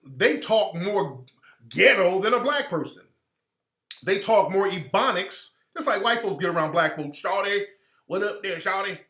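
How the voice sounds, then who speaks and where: A man's voice: high voice, lively intonation, measured pace, fairly bright tone, roomy sound. A man from Alabama giving an emphatic, opinionated monologue as a commentator, hammering his points home with repetition. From Alabama, US South.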